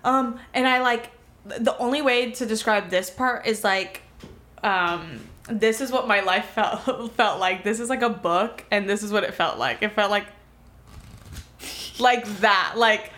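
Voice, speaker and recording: A woman's voice: medium pitch, a little slow, fairly bright tone. A young woman from Miami telling a story in casual chat, rambling, swearing freely and filling her talk with "like".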